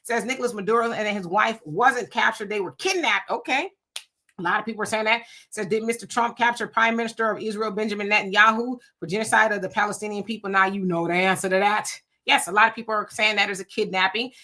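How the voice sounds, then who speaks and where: A woman hosting a casual livestream, reading out viewer comments and telling animated stories. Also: medium pitch, fast talker. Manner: animated storytelling with frequent laughs. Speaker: livestream host.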